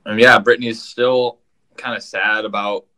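Low, bright-voiced man recapping. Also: level tone, moderate pace, rough recording. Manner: rambling, repeats words. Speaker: podcast co-host. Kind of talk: casual recap chat.

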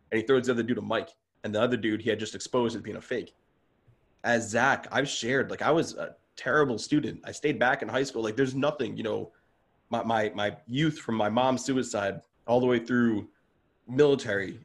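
A man as a podcast guest in a casual interview, speaking earnestly and heartfelt, excitable and open. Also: mid-range voice.

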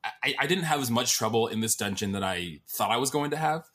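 A man's voice: mid-range voice, animated, brisk, fairly bright tone. A man co-hosting a podcast in casual chat, rambling with lots of fillers and sounding exasperated. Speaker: podcast co-host.

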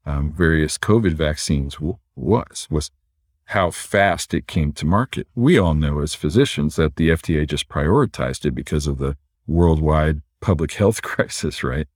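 A man, a physician and entrepreneur, explaining things in a relaxed conversational way and often tagging his points with "right?". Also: a bass voice, dry recording, clean studio sound. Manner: relaxed, explanatory, frequent "right?" tag questions.

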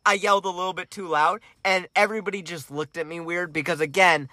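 A young man with a slightly high voice tells a story in a casual podcast chat, animated and quick to laugh. He acts out the quotes in loud, high voices. The sound is dry and close. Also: dry recording. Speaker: podcast co-host.

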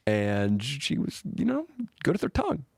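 A man co-hosting a podcast who trades deadpan, crude comebacks in casual banter. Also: medium pitch, moderate pace, creaky, no room sound, studio quality. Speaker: podcast co-host.

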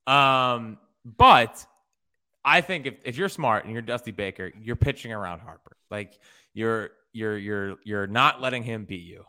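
A man's voice: lowish voice, lively intonation, unhurried, sharp tone. A man hosting sports radio, giving casual baseball analysis that rambles with restarts and easy laughs.

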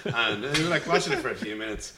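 A man's voice: mid-range voice, animated, fast. A man, a band member, telling a rambling story and groping for words as a podcast guest. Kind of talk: casual storytelling. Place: bar. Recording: bar with crowd chatter. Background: pub crowd.

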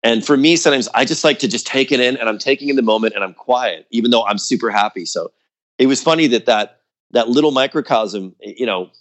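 Chatty man telling a band story. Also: fairly quick. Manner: animated storytelling, acts out quotes in a higher voice; loose and chatty, many fillers like "like" and "you know". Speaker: guest musician. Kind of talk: casual storytelling.

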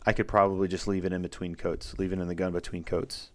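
Low-voiced man in casual podcast chat. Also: flat delivery, fast talker. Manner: rambling, repeats words when explaining. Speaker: podcast co-host.

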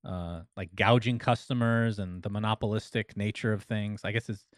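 A man from Arizona talks in a casual stream chat, his voice at an ordinary pitch. The sound is dry and close, and he rambles loosely with jokes mixed in. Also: fairly even intonation, normal speed, no echo.

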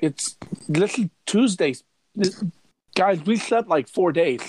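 A man voicing an excitable male adventurer who exclaims in alarm. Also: sits high, slow pace, slight background noise, voice pushed up, low-quality recording.

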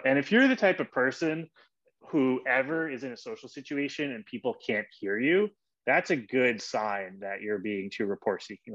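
A man hosting his own podcast, giving an energetic coaching monologue and acting out short example voices. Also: mid-range voice, muffled recording. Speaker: podcast host.

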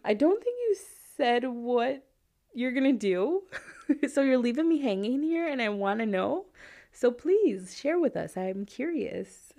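A woman's voice: on the high side, darkish tone. A woman hosting a podcast in casual chat, giggly and laughing often, with chatty asides to her listeners. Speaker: podcast host.

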